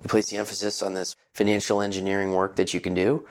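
A man with a very deep, low voice answers interview questions in a measured, earnest way. He thinks aloud and chooses his words with care. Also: level tone. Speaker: guest, partner at his late father's investment firm.

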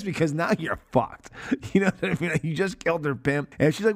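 A man in his forties co-hosting a casual film podcast, animated and profane, acting out quotes and laughing as he goes. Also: a little high, brisk, vocal fry. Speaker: podcast co-host.

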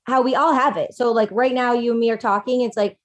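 A woman life coach talking casually in a podcast conversation, animated and full of "like", acting out little quotes. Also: fairly high pitch, fast. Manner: chatty, animated, acts out quotes, fillers of "like".

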